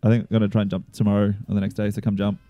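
A man's voice: on the low side, level tone, racing, dark tone, no room sound. A man with an Australian accent, a guest in a casual podcast chat, laid-back and laughing often.

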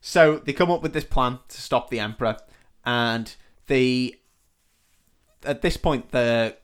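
A man's voice: medium pitch, smooth. Man recapping a film, swearing. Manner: swearing, retells the plot with quick acted-out quotes. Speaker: podcast co-host. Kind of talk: casual comedic film recap.

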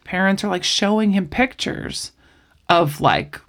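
A woman in relaxed conversation, telling a story with plenty of energy. She slips into the voices of the people in it as she goes, and her pitch sits in the middle range. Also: measured pace. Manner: animated storyteller, acts out quoted voices. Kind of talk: casual chat.

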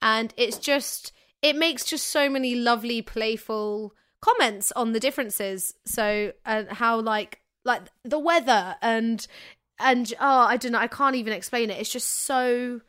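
A woman's voice: on the high side, a little slow, a bit bright, clean tone. A woman with a London accent co-hosting a casual podcast, gushing enthusiastically and laughing often as she rambles. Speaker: podcast co-host.

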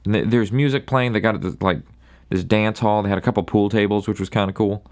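A man's voice: lowish voice, steady tone, a little mellow. A young man hosting a solo podcast, telling a rambling bar story in a wry, casual way. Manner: rambling, wry, does quick voices for people in his stories. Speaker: podcast host.

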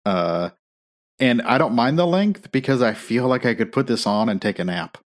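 A man's voice: mid-range voice, animated, normal speed. Man giving offhand movie takes. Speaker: podcast co-host. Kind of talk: casual movie podcast chat.

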